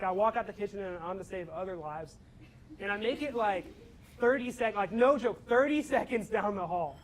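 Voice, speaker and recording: This is a young man with a fairly high voice, speaking to students as a campus ministry speaker. He tells a story with lots of energy and acts out the characters as he goes. There is a faint noise in the background of the recording. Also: low-quality recording. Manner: animated storyteller, acts out his own shouting. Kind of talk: storytelling talk to a student audience.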